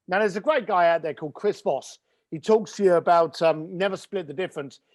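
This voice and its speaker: A man as a podcast guest, telling an animated anecdote and acting out other people's voices, moving between loud and hushed. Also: high voice, a little fast.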